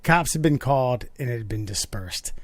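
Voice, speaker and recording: A man's voice: medium pitch, animated, normal speed, no echo. A man, co-hosting a podcast and telling a rambling story full of swearing and restarts. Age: 30s. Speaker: podcast co-host. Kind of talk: casual chat.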